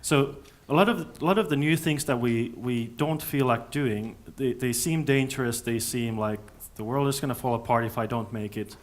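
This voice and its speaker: At a conference hall, a male speaker answers audience questions in an ordinary mid-range voice. He's thoughtful and halting, frequently restarting sentences while he works out what to say.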